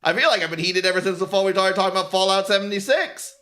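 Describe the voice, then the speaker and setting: A man streaming as a VTuber, ranting in a sarcastic, animated way, swearing often and laughing at himself. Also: high voice, rapid-fire. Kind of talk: casual stream rant.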